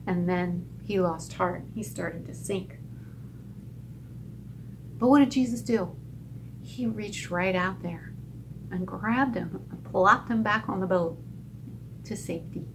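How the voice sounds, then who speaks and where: Slow, animated woman telling a children's story. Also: a little hiss or hum. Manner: animated, acts out characters' lines with big pitch jumps. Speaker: children's Bible lesson teacher. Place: church.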